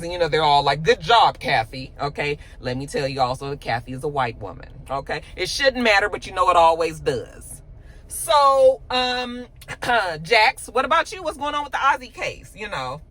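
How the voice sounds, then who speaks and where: A woman host recapping a TV episode in casual chat, animated and profane, filling her lines with "you know.". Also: on the low side, normal speed, poor audio.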